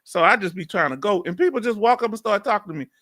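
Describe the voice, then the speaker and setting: A middle-aged man with a strong Southern accent from Texas, loudly and folksily chatting live with his viewers as host. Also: high-pitched, expressive, fast. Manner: loud and folksy, reads out viewer comments. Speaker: livestream host. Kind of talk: casual live chat with viewers.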